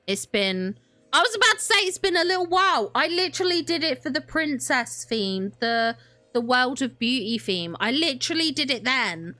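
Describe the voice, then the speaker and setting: A young woman's mid-range, bright voice carries a forceful tone as she provides livestream commentary on a game, chatting to herself in a flustered way and often laughing or exclaiming. The audio has no echo.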